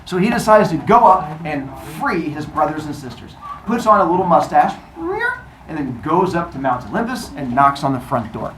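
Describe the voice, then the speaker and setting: A man's voice: a little high, expressive, moderate pace, heavy background noise. A male teacher telling a myth to a class in a playful, jokey way, recorded in a classroom from a distance. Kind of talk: classroom storytelling. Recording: roomy, distant mic.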